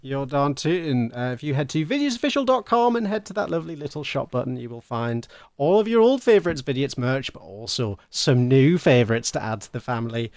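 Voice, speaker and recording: A man's voice: mid-range voice, expressive, a little fast, hardly any pauses, darkish tone, dry recording, clean studio sound. A British man co-hosting a charity livestream, cheerfully plugging merchandise and laughing easily. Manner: cheerful, giggly merch plug. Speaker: stream co-host. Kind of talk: casual charity stream chat.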